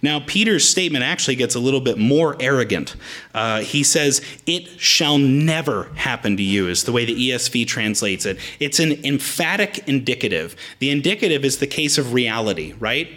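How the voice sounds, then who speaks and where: Brief: male preacher, mid-pitched, very animated delivery, explains the Greek text. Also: fairly quick. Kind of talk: sermon.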